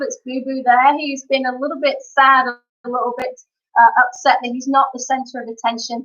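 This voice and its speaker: A woman chatting to her live-stream viewers. Her voice is high and bright, and she talks in an upbeat way with quick asides. The stream audio is dull and lo-fi. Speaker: live-stream singer and entertainer. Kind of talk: casual live-stream chat.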